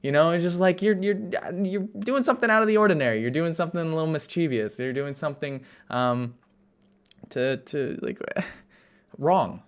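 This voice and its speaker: A man's voice: on the high side, lively intonation, moderate pace, smooth. A young man from the United States telling a story in a casual, rambling way, with many fillers and restarts and a self-amused tone. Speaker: vlogger.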